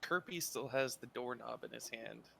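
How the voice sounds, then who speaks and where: Male player, gravelly voice, faint room hum, plain delivery. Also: medium pitch, moderate pace, pushed and bright. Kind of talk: casual tabletop play.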